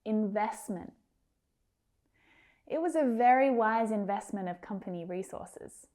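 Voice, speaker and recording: A woman teaching English pronunciation, saying words slowly and clearly, drilling each one several times with careful articulation. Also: a little high, expressive, warm tone. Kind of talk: slow, deliberate pronunciation lesson.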